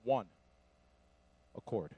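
A man preaching a Pentecostal sermon, shouting in call-and-response and dropping to quiet asides. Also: extremely slow, dry recording, highs cut off. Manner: breathless, drops to quiet asides. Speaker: pastor.

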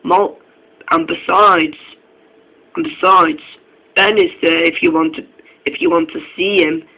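A man's voice: on the high side, steady tone, unhurried, sharp tone, full character voice, low-quality recording. A man voicing a stern, portly railway boss who gives firm orders in a storybook reading. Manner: firm, authoritative.

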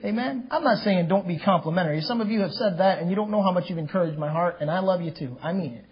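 A man preaches a sermon in a church, his high, husky voice rising into emphatic bursts. The recording is dull and lo-fi, like an old church tape. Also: fast. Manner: emphatic preaching with sudden loud outbursts. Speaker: pastor.

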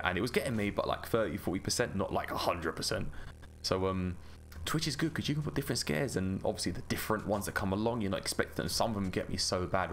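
A man's voice: low-pitched, a bit bright, a little hiss or hum. A man rambling and chatting with an easy laugh while he gives casual gameplay commentary as a gaming YouTuber.

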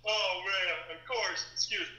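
A man with a very bright, sharp tone co-hosts a casual talk show, laid-back and chiming in briefly. He sits away from the mic, and the room sounds echoey. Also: high voice, fairly even intonation, measured pace. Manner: laid-back, short agreeing interjections.

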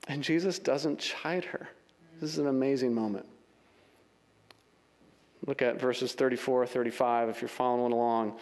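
A man's voice: mid-range voice, steady tone, moderate pace. A male pastor delivering a sermon with passion, stacking repeated phrases into building lists. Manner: impassioned, repeats phrases for emphasis.

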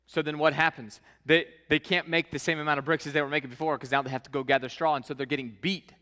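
A man's voice: fairly high pitch, flat delivery, fast talker, hardly any pauses, bright, forceful tone, long reverb tail. A male preacher giving a casual, conversational sermon, mixing scripture reading with modern slang.

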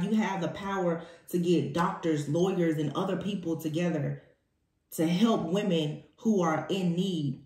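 A woman's voice: fairly low pitch, a little mellow. A woman giving a spoken tarot reading, emphatic and repeating her key phrases for weight. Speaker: tarot reader. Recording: echoey room.

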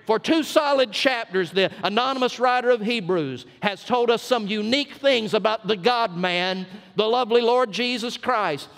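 A man's voice: high-pitched, normal speed, creaky, hardly any pauses, fairly bright tone. A man with a South Georgia Southern accent preaching a sermon as senior pastor, folksy and emphatic, drawing out his punch lines. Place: church sanctuary. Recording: long church reverb.

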